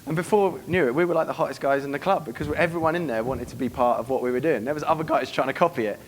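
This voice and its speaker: Fast-talking brash man coaching a crowd. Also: mid-range voice, slight background noise. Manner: brash, profane, acts out quoted dialogue. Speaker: dating coach giving a seminar. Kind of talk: live seminar talk to an audience.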